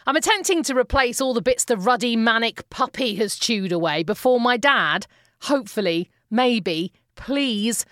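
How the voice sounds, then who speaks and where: A chatty English woman hosts her own podcast and tells everyday stories in an amused, expressive way. Her voice sits fairly high and moves up and down a lot. The recording is dry and close. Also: moderate pace, dry recording. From England. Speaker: podcast host. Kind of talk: casual storytelling monologue.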